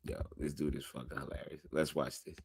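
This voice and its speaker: A man's voice: extremely low pitch, flat delivery, brisk, creaky, darkish tone, breathy edge, dry recording, clean studio sound. A man hosting a reaction video, chatting casually and profanely to his viewers with laid-back asides.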